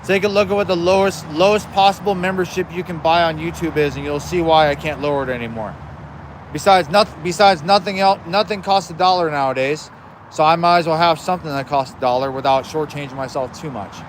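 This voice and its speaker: A man's voice: fairly high pitch, a little fast, slight background noise. A man hosting a casual livestream outdoors beside his smoker, chatting bluntly with viewers and swearing freely. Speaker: livestream host.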